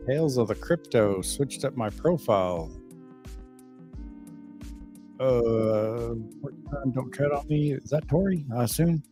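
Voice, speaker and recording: A middle-aged man, hoarse and losing his voice. He chats casually on a livestream and reads viewer comments, rambling, swearing freely, and stumbling over repeated words. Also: mid-range voice, lively intonation, unhurried, long pauses, dark tone, soft background music. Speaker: livestream host.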